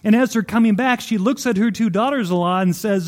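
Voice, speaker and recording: Guy preaching a sermon, high voice, animated storytelling, really paints the scene. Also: a little fast. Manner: animated storytelling, vivid retelling of scripture. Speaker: pastor.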